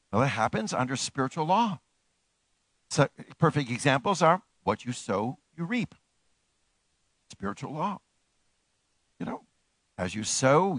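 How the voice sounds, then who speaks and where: A man's voice: a bit bright, no echo. A man preaching a sermon as pastor, emphatic, swinging his voice up and down and repeating key phrases. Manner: preaching with wide swings in pitch and volume.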